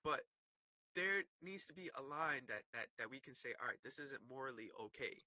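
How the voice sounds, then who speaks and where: A man's voice: medium pitch, expressive, moderate pace, pushed and bright, no room sound, low-quality recording. A man hosting a casual podcast chat, reading viewer comments aloud and laughing often. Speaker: podcast host.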